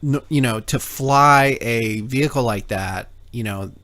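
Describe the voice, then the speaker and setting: A man's voice: mid-range voice, measured pace, a bit bright. A man co-hosting a call-in talk show, telling a long story in casual chat, swearing and acting out both sides of conversations. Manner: rambling storyteller, swears, acts out dialogue.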